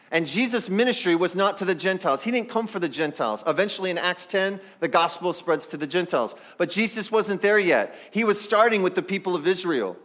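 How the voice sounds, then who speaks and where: A pastor preaching a sermon in a fairly high voice for a man. He talks to the congregation as if chatting with them. Now and then he acts out the people in the story. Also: fairly bright tone. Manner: conversational, talks straight to the congregation.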